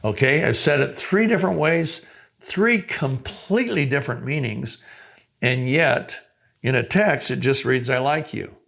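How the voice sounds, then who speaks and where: A man's voice: medium pitch, animated, unhurried, creaky, fairly bright tone. An older man giving a conversational lesson on communication as a coach, acting out short quoted lines as he teaches. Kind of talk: teaching talk to a group.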